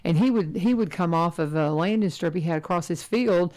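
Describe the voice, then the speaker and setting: A middle-aged woman hosting a casual radio chat, talking in a chatty, animated way and laughing often. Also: fairly low pitch, a little fast. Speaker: radio host.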